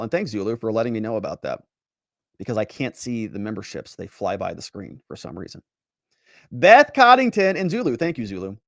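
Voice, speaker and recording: Sarcastic lawyer guy on a livestream reading chat, lively up and down voice, dry close mic. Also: medium pitch, no echo. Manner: sarcastic, animated.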